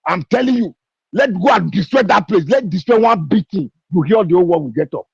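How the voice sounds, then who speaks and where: A man's voice: high-pitched, lively intonation, a little fast, vocal fry, breathy edge, no echo. A man with a Nigerian English accent gives an impassioned speech on an online call, piling up repeated rhetorical questions. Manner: repetitive rhetorical questions, fiery. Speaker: participant in an online discussion. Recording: dull lo-fi online call audio.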